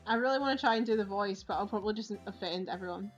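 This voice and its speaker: A woman's voice: mid-range voice, fast talker. A woman playing a game and chatting casually about it. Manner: chatty, self-aware. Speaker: let's play gamer. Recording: dull lo-fi audio, faint game music.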